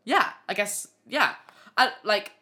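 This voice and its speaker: A young woman hosting a podcast, telling frank, animated stories full of swearing and fillers. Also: medium pitch, slow pace. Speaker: podcast host. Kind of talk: candid casual storytelling.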